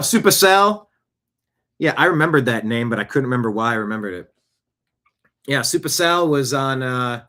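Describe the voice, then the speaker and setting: A man's voice: mid-range voice, bright, forceful tone. A man hosting a show, chatting casually and animatedly through personal stories. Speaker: show host. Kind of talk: casual storytelling monologue.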